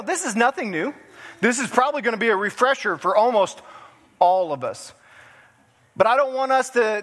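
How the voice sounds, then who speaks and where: A church pastor with a very high, slightly bright voice tells a story as part of a folksy sermon, chuckling throughout. The sanctuary gives each phrase a long reverb tail.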